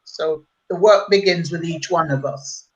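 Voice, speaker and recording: A woman's voice: on the low side, a little slow, a little mellow, husky. A woman gives direct closing remarks as a panel guest. Her voice comes through dull, lo-fi online call audio.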